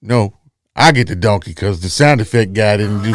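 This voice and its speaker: A man's voice: on the low side, lively intonation, fairly quick. A man hosting a casual talk show, rambling loosely and repeating phrases for emphasis. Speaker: podcast host.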